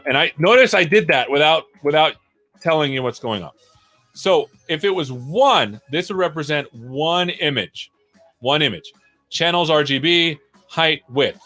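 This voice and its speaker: A man's voice: a little high, sharp tone, no echo. A man hosting a live coding stream, explaining as he thinks aloud and often checking in with "right?". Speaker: livestream coding host.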